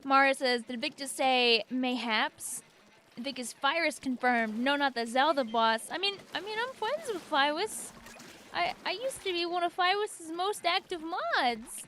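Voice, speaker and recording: High-voiced chatty woman with a Long Island accent. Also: fairly bright tone. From New York, USA. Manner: chatty and rambling, answers chat messages aloud. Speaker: streamer. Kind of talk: casual livestream chat while gaming.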